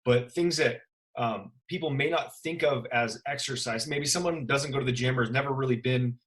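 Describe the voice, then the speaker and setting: Man hosting a podcast, medium pitch. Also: moderate pace, fairly bright tone. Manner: loose, searching phrasing while framing questions. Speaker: podcast host. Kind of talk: casual interview chat.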